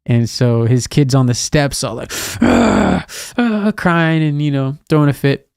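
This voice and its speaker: A man's voice: mid-range voice, normal speed, clean tone, dry recording, studio quality. A man in his thirties co-hosting a podcast, chatting casually and animatedly about parenting. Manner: animated, acts out scolding a child in a raised voice. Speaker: podcast co-host. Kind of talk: casual chat.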